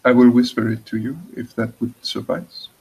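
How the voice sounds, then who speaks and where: A man's voice: mid-range voice, steady tone, normal speed, vocal fry, husky, highs cut off. A man voicing a composed female adventurer who speaks formally and carefully. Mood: polite.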